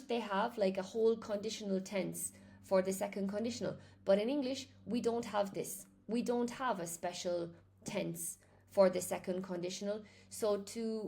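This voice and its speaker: A woman's voice: medium pitch, vocal fry, darkish tone. A woman teaching English in a chatty live lesson, greeting viewers by name as she explains grammar.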